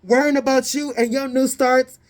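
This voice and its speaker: A woman giving a casual tarot reading, blunt, profane and sassy, with animated indignant peaks. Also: sits high, moderate pace. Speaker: tarot reader.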